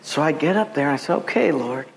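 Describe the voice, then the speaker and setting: A man's voice: a little high, lively intonation, quick pace, gravelly. A male pastor preaching a sermon, telling stories with humor and acting out the people in them. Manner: storytelling with humor and acted quotes.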